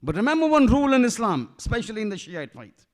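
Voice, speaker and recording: High-voiced man preaching emphatically. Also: very animated, fast talker. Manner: emphatic, rhetorical questions, Arabic terms and verses. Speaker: shaykh giving a majlis lecture. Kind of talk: sermon. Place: mosque.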